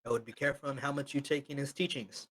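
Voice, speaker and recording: A man voicing a calm old samurai sage. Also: medium pitch, quick pace, close to an everyday voice. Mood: calm, grave. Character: old wise male samurai, calm and grave.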